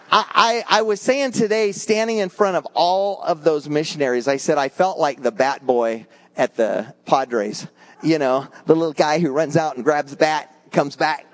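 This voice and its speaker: A middle-aged male pastor preaching in an animated, conversational way, breaking off into quick asides. His voice sits a little higher than most men's. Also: some chatter behind. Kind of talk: sermon.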